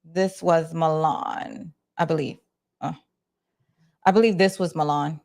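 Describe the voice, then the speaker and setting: Speaking low with vocal fry and a darkish tone, this New York-accented livestream host chats casually from her office at a measured pace and with fairly even intonation. She addresses her chat directly, full of restarts and fillers.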